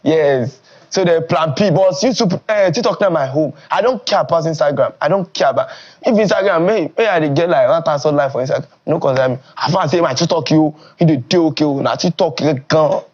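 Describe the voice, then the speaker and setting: A young man with a Nigerian Pidgin English accent talks in a fairly high voice that often jumps up and gets loud. The animated, casual talk sounds a little dull and muffled, like TV studio audio. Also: a little fast. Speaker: streamer and content creator.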